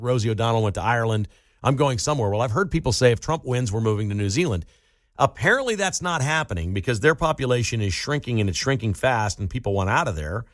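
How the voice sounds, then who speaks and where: Animated male talk radio host. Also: dry recording, clean studio sound. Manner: animated storytelling with sudden rises in pitch. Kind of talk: casual talk radio monologue.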